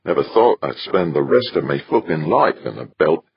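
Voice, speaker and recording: A man doing a gruff, grumbling old miner father. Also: extremely low pitch, big pitch swings, normal speed, no room sound, dull audio, exaggerated voice. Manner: mutters, clipped and grudging.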